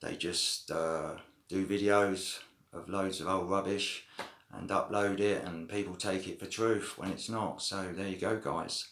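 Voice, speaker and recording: In an unhurried, steady, low voice that's a bit bright, a vlogger rambles through a prison story for the camera. He swears, uses slang freely and keeps saying "you know what I mean." A roomy echo colors the audio.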